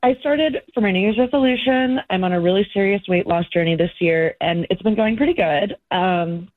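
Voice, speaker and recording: Woman, radio caller, chatty and candid, mid pitch, tinny phone line. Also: brisk. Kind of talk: call-in radio chat.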